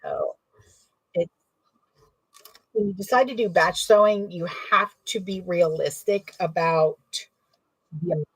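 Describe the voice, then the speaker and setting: A woman's voice: lowish voice, unhurried, pauses often, husky, dry recording, recorded from a distance, low-quality recording. A woman in a casual sewing tutorial, rambling and correcting herself as she works. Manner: chatty, rambling, self-correcting while working. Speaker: bag maker demonstrating sewing.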